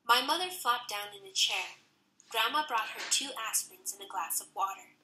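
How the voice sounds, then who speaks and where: A woman narrating a children's audiobook in the first person, with lively storytelling and voices for the characters. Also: a little high, moderate pace, slight background noise. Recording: roomy echo.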